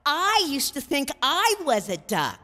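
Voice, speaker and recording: A woman's voice: sits high, huge pitch swings, measured pace, pushed and bright, in a large hall, exaggerated voice. A woman voicing a young female platypus who is cheerful and searching for where she belongs, in a storybook reading.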